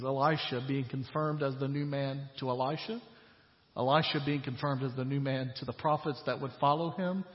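A man preaching a sermon as pastor, retelling scripture in a casual, conversational paraphrase and building to emphatic points. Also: medium pitch. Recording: dull sound with long hall reverb.

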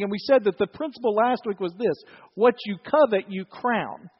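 A man preaching a sermon to his congregation, conversational and joking with the listeners. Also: very high voice. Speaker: pastor. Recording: dull, reverberant hall recording.

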